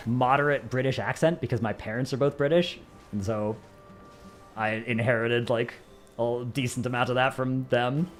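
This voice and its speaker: A man's voice: medium pitch, steady tone, moderate pace, faint music behind. Rambling, joking male streamer. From United States. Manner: rambling, self-mocking, joking. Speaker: streamer answering chat. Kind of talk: casual live-stream chat.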